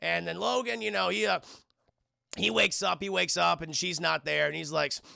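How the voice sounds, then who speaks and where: Man film reviewer on stream, crude and joking; high, lively, gravelly voice. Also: normal speed, no echo, clean studio sound. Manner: animated, addresses chat constantly, crude jokes, acts out characters. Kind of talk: casual comedic scene-by-scene film recap.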